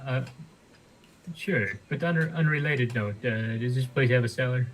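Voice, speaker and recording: A man's voice: medium pitch, normal speed, soft background music, rough recording. Hesitant man playing a game. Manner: hesitant, many uhs and ums. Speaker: player. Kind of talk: casual chat.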